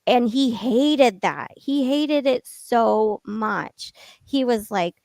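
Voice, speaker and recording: A woman's voice: a little high, slow pace, darkish tone, no room sound. Candid woman telling her own story. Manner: candid, storytelling, quotes people in dialogue. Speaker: guest. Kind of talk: personal story in a podcast interview.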